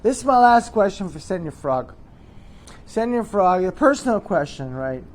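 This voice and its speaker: A man's voice: high-pitched, big pitch swings, normal speed. A middle-aged man hosts a joking mock interview, rambling and teasing with chuckling asides. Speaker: host.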